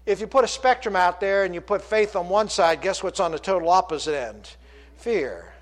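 A male preacher with a notably high voice delivers a lively sermon. He asks rhetorical questions and acts out quoted speech from the story. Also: normal speed.

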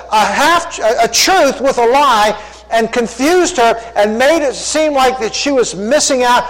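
A man's voice: very high voice, a bit bright. A man preaching a sermon, emphatic and full of rhetorical questions, in a church sanctuary. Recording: long hall reverb.

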